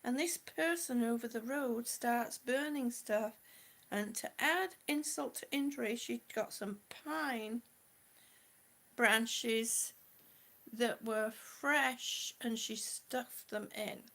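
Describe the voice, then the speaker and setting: A woman's voice: fairly high pitch, takes it slowly, a bit bright. A middle-aged woman, a little out of breath, chatting affectionately with live viewers and calling them honey and sweetie. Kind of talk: casual live-stream chat.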